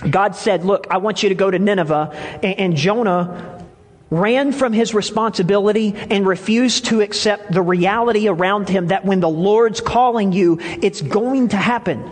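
A man's voice: sits high, moderate pace, long reverb tail. A man preaching a sermon, telling stories with emphatic rises and drops. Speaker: pastor.

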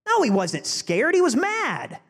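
A male preacher delivering a sermon, animated and emphatic, building to forceful peaks. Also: very high-pitched, unhurried. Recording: long church-hall reverb.

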